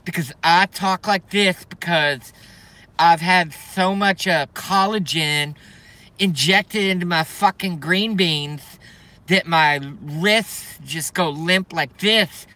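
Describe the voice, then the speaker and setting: A man's voice: high voice, takes it slowly, pushed and bright, exaggerated voice. A man putting on a lisping mock liberal man. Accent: put-on Southern drawl. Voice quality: lisp. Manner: sneering, profane parody. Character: mocking lisping limp-wristed liberal man, whiny.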